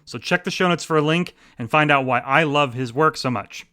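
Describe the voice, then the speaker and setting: With a fairly high, smooth, sharp-toned voice and a slightly fast pace, a man in his thirties hosts a podcast. He enthusiastically chats through recommendations of stories he enjoyed, and his humor is self-deprecating.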